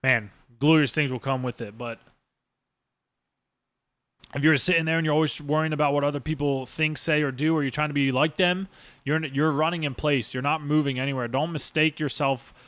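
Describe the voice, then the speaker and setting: A man with a fairly high, smooth and resonant voice, talking into a dry, close mic. He rambles through a casual streamer's podcast, profane and emphatic, circling back over his points. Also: fairly even intonation, normal speed, a bit bright, no echo. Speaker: streamer host.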